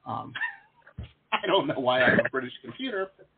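A man's voice: medium pitch, big pitch swings, moderate pace, gravelly, husky. A man hosting an interview over a video call, chatty, jokey and rambling. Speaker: host, painter. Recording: tinny phone-like call audio.

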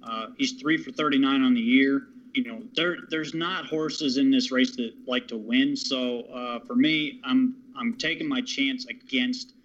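A man handicapping harness races, talking confidently but haltingly with many fillers. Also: medium pitch, fairly bright tone, dull audio. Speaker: racing handicapper. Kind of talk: horse racing handicapping talk.

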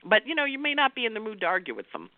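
A woman's voice: on the high side, huge pitch swings, rapid-fire, narrow, tinny audio. A woman astrologer giving a chatty weekly forecast. She laughs often and acts out the voices she quotes.

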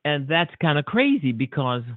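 A man's voice: a little high, very animated, normal speed, no room sound. Male host, out of breath, repeats himself emphatically, thin phone sound. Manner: repetitive, emphatic, rambling. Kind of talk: casual internet radio talk. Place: home studio. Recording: tinny phone-like line, dry.

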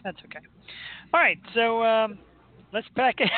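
A man's voice: very high voice, huge pitch swings, slow, background noise. A man hosting a podcast in casual chat, joking and laughing often. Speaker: podcast host. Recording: tinny phone-like sound.

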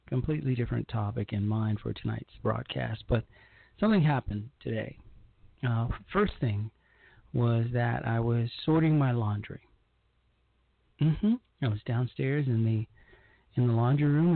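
A man's voice: mid-range voice, vocal fry, no room sound. A man hosting a casual monologue broadcast, rambling and often repeating himself as he restarts his sentences. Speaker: broadcast host. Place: lives in Georgia. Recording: tinny phone-like line, dry.

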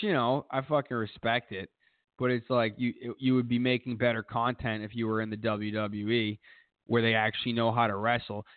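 Sitting on the low side, a male co-host's voice has no room sound and a tinny, phone-like quality. He rambles through stories on the podcast, chatting casually and swearing heavily.

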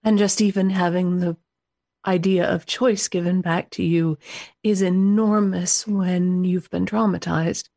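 A woman host speaks in a calm, reflective tone, her low voice close and dry with no room sound. She affirms her guest and reads out the show's announcements. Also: unhurried, creaky, no room sound. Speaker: podcast host. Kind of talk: interview and show announcement.

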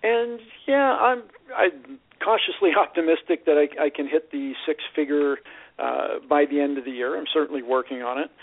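A man from Canada, a guest author explaining personal finance clearly on a radio show. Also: a little high, normal speed. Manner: articulate, explanatory. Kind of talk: radio interview. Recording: tinny phone-like radio audio.

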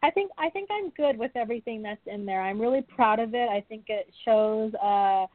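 A woman's voice: on the high side, lively intonation, moderate pace, no echo. A woman being interviewed over the phone, candid and earnest as she talks through a personal story. The line is thin and tinny, with a dry, close sound. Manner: earnest, open, warm-hearted storytelling. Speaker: podcast guest, author.

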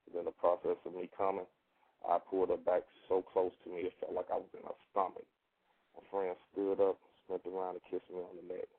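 A man's voice: deep voice, monotone, a little fast. A man narrating a first-person story in a laid-back, slangy way. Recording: narrow phone-like radio sound.

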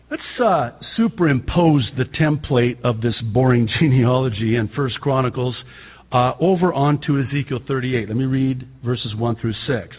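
Fervent preacher man, native Arabic speaker. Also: moderate pace. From Lebanon. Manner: fervent, swings between loud outbursts and low asides. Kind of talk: sermon. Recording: tinny phone-like sound with long hall reverb.

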